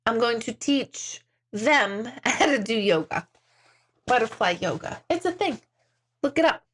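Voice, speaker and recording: Giggly woman host, somewhat high voice, casual self-mocking live-stream chat with viewers. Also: big pitch swings, a little slow, a bit bright, husky. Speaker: intuitive reader hosting a live stream.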